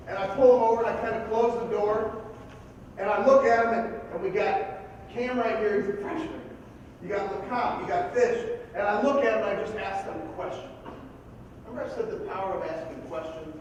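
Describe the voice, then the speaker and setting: High-voiced coach in an echoey hall. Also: male voice, far from the mic, slight background noise. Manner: storytelling, bursts into loud yelling impressions. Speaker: football coach. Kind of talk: motivational speech.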